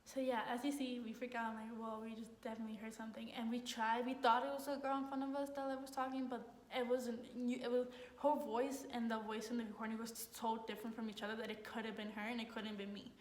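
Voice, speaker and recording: A college student excitedly retells a story in a casual, rambling way, saying "like" a lot. Her voice is fairly high and she talks fast with few pauses, in an echoey room with faint noise.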